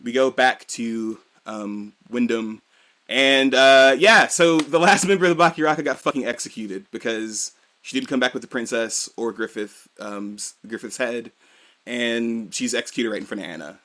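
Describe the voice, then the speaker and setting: A man co-hosting a podcast, recapping a story in relaxed, animated talk and swearing casually. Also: medium pitch. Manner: animated recap that slips into quick character voices, swears freely. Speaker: podcast co-host. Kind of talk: casual chat.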